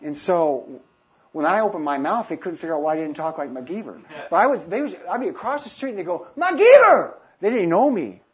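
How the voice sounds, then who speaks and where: A man in his fifties with a husky voice tells a long personal story with lively energy. He slips into the voices of the people he quotes. The recording is dull and lo-fi. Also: fairly high pitch, quick pace. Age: 50s. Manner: animated anecdote-telling, acting out quoted voices. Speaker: missionary. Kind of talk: storytelling talk.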